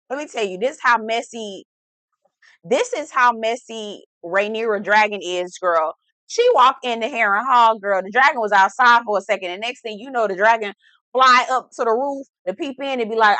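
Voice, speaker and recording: Bright-voiced slangy woman vlogger. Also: mid-range voice, normal speed, no echo. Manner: animated, slangy, profane. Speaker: TV recap vlogger. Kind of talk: comedic episode recap.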